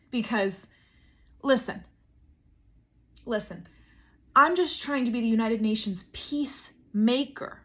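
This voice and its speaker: A woman's voice: on the high side, slow, pauses often, bright, forceful tone. A young woman vlogger telling a funny story in a casual chat, with dramatic, mock-grand emphasis.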